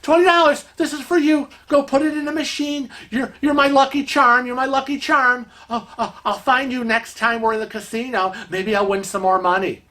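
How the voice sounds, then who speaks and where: A man's voice: very high voice, steady tone, normal speed, hardly any pauses, bright, forceful tone, pitched above the performer's own voice. A man doing a gushing lady slot winner. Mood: excited. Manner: gushing, breathless. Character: excited older woman casino friend.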